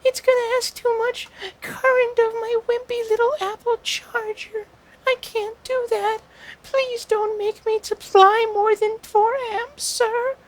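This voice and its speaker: A whiny little laptop charger. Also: male voice, level tone, unhurried. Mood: whimpering. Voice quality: high-pitched, whiny, pleading. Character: frail whimpering little laptop charger, timid.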